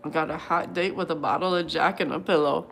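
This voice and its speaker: A woman's voice: low-pitched, steady tone, brisk, slight background noise. A woman hosting a casual livestream from her table at home, eating and reading viewer comments aloud, laughing often and answering them bluntly. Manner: laughs often and talks between bites. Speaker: livestream host.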